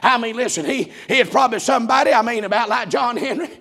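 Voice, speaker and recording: High, gravelly preacher shouting. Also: male voice, quick pace. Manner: shouting, rhythmic preaching cadence with folksy asides. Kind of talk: sermon.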